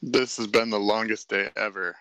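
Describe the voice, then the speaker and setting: A man's voice: on the low side, fairly even intonation, moderate pace, a bit bright, no echo, rough recording. A man playing a tabletop game, speaking briefly and matter-of-factly. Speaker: player. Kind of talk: casual tabletop play.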